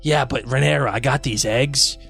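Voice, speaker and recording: A man putting on a drawling Boston accent to voice a dark prince as a rough local guy, over background music. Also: mid-range voice, moderate pace. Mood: joking. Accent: Boston, put on.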